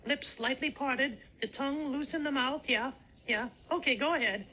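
A man voicing a cheeky, eager young boy ventriloquist dummy in a high, pinched voice on a scripted lesson record. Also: moderate pace, pushed and bright, slight background noise, rough recording. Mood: chirpy. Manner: chirpy, wisecracking, eager to try.

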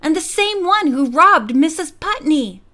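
A woman's voice: high voice, animated, unhurried, a bit bright, voice pushed up. A woman voicing a timid, cautious teenage girl who sounds worried and insistent.

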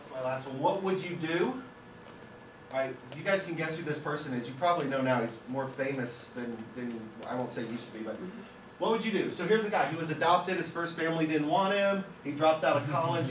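A man's voice: on the high side, a bit bright, slight background noise. A man giving a conversational, story-filled talk as guest speaker to a film school class, picked up by a distant mic. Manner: conversational, anecdotal. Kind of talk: classroom lecture with stories. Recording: echoey room, distant mic.

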